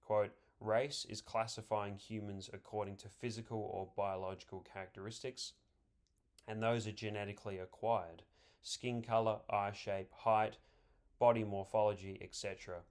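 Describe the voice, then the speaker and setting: A man delivering scripted political commentary, reading quotations aloud in a measured, deliberate way and stressing key words. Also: lowish voice, level tone.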